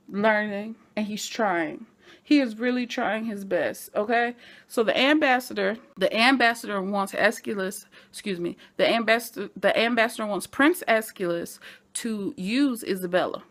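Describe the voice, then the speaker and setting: A woman recapping a TV episode in a casual vlog, animated and chatty, talking straight to her fellow fans. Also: mid-range voice, moderate pace. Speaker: TV show reviewer.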